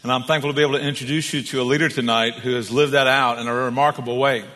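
A man's voice: medium pitch, fairly even intonation, rapid-fire, sharp tone, big-room sound. A man, the church host, introducing a guest speaker with enthusiastic, emphatic praise. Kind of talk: warm introduction speech.

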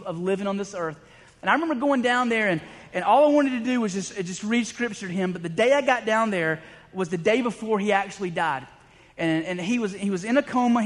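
A man's voice: high-pitched, long reverb tail. A man preaching a sermon, telling stories in a conversational way with frequent restarts. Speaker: pastor.

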